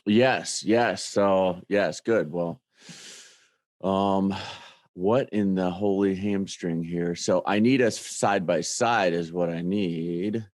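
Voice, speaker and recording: A man with a fairly low voice hosts a loose video-call chat. He rambles and restarts his sentences often. The sound is dry, with little room in it. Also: steady tone, a little mellow, dry recording. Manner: rambling, halting, many restarts. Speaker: host.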